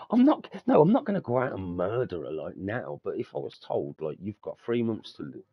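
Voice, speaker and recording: A man's voice: on the low side, very animated, normal speed, slightly rough, no room sound, highs cut off. A young man, telling stories in casual chat, swearing freely and dropping slang like mate and bruv. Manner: swearing, storytelling, laughs often, uses slang like bruv and mate. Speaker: podcast host.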